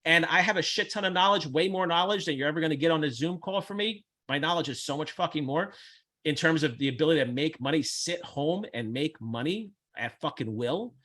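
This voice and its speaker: A man hosting a casual chat, blunt, brash and profane, with animated storytelling. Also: on the high side, fairly quick. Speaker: host.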